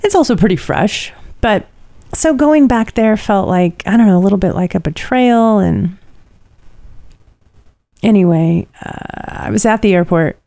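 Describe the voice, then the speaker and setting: A woman's voice: mid-range voice, expressive, a little slow, gravelly, dark tone, dry recording. A middle-aged woman, tired, co-hosting a casual chat and telling a rambling personal story. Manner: rambling and chatty, many fillers.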